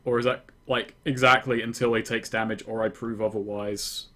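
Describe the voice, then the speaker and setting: A man's voice: fairly low pitch, flat delivery, moderate pace, pushed and bright. Chatty man asking about rules. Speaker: player. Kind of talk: casual game chat.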